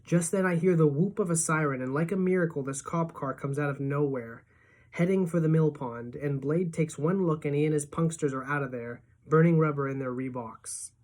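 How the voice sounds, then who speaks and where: A woman teacher reading a novel aloud to her class in a lively storytelling manner. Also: low voice, moderate pace.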